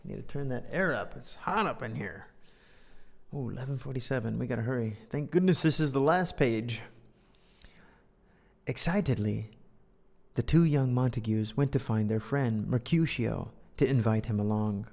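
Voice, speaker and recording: Between lines of a children's story he reads to learners, a man jokes around and teases himself in a playful, self-deprecating manner. He speaks at a normal speed in a mid-range voice that's gravelly and a little mellow, and the recording has a long reverb.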